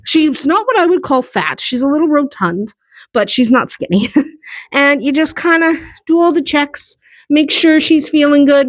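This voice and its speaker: Woman farm vlogger, brightly pitched, easygoing and chatty with frequent laughs, recorded outdoors. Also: dry recording. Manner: chatty, laughs often, jokes with the animals. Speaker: farm vlog host. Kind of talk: casual walk-and-talk farm vlog. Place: outdoors on a muddy, snowy farm.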